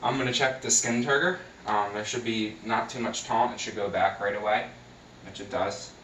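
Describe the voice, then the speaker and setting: Talking through each step of a head-to-toe health assessment, a male nursing student fills his narration with fillers and restarts. His voice is on the low side, steady and fairly bright at a normal speed, recorded roomily from a distant mic with slight background noise.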